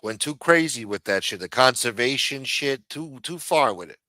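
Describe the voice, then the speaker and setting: A man's voice: mid-range voice, lively intonation, moderate pace, bright, forceful tone, dry recording. Profane ranting middle-aged man. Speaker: show host. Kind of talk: ranting livestream commentary. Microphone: streaming microphone.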